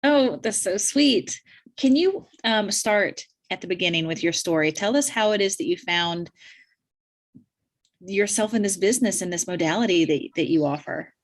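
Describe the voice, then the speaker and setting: A woman's voice: mid-range voice, moderate pace. A woman hosting an interview, enthusiastic as she welcomes her guest. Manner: warmly enthusiastic. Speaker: host.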